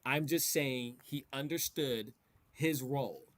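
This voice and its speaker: A man's voice: medium pitch, slow pace, fairly bright tone. A man in a casual faith discussion, speaking emphatically and often repeating himself as he agrees with the others. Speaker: discussion panelist.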